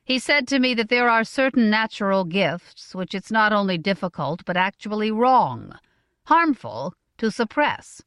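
A woman voicing a stern, measured middle-aged merchant father in an audiobook, speaking in an earnest, deliberate way. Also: mid-range voice, very animated, fairly bright tone, clear, resonant tone, no echo, clean studio sound. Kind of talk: audiobook character voice.

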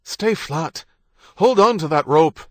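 A man reading an audiobook, voicing a calm, steady husband who gives firm, reassuring instructions. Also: fairly high pitch, takes it slowly, no echo, pitched above the performer's own voice. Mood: urgent. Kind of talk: audiobook character voice.

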